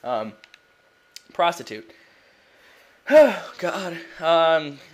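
A young man giving casual, rambling commentary while playing a video game, excitable and quick to swear. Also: a little high. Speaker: let's play gamer.

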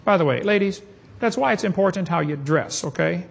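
A man's voice: high voice, lively intonation, a little fast, gravelly, breathy edge. A man giving a preaching seminar talk in a folksy, emphatic way, chuckling at his own jokes. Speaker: creationist speaker.

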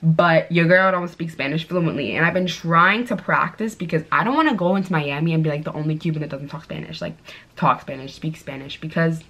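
A woman's voice: low voice, brisk, a bit bright, lo-fi sound. A young woman chatting casually while she does her makeup, telling stories in a bubbly way with lots of fillers. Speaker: beauty vlogger.

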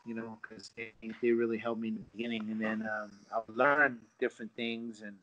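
A man's voice: lowish voice, level tone, brisk, sharp tone. A middle-aged man, a guest on a podcast, telling a story casually and animatedly, acting out quotes with lots of fillers. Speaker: guest, former pro fighter. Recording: dull lo-fi sound.

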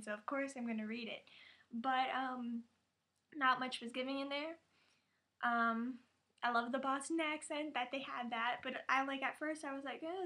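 High-pitched woman vlogger, chatty and excitable, laughs a lot. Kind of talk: casual reaction vlog.

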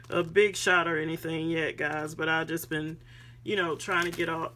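A woman's voice: lowish voice, gravelly, a bit bright, slight background noise. A woman showing off craft supplies in a casual vlog from her home craft room, chatting to viewers with lots of ums. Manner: chatty, addresses viewers as guys, many ums. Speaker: craft haul vlogger. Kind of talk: casual show-and-tell chat.

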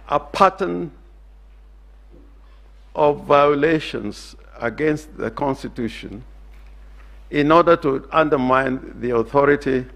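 A Kenyan-accented man addresses the judges in a formal courtroom submission, speaking with deliberate emphasis and occasional hesitant restarts. His delivery is very slow and measured. His voice carries a gravelly edge. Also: medium pitch, a bit bright. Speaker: lawyer.

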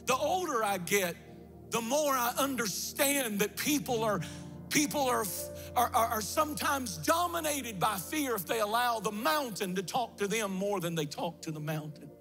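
A man's voice: very high-pitched, expressive, normal speed, music in the background. A middle-aged man, a pastor preaching a fervent, sing-song sermon in a near-empty church.

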